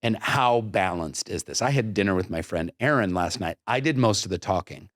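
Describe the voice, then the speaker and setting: A middle-aged man hosting a podcast, talking in an animated, self-deprecating way. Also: lowish voice, normal speed, no echo, clean studio sound. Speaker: podcast host. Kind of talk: casual interview conversation.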